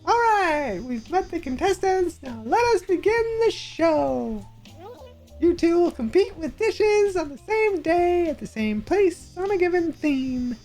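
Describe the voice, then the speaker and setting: A woman voicing a chirpy young female TV presenter in a squeaky announcer manner while reading game dialogue aloud. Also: big pitch swings, unhurried, darkish tone, faint music behind, heavily acted. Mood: perky.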